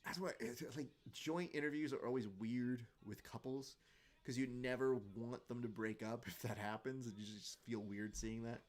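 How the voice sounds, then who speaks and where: A man hosts a live stream where viewers watch fights together, talking in a loose, joking way and reading their comments aloud. His voice sits at a middling pitch, neither deep nor high. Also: steady tone, moderate pace, darkish tone. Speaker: host of a live fight watch-along show.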